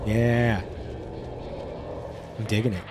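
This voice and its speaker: A man streaming a video game, reading the on-screen text aloud and joking in relaxed asides. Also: lowish voice, slow pace, heavy background noise.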